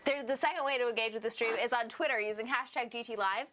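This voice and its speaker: A woman's voice: fairly high pitch, quick pace, fairly bright tone, a little hiss or hum. A woman co-hosting a gaming livestream, teasing and often laughing. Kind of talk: playful livestream chat. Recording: game stream with music behind.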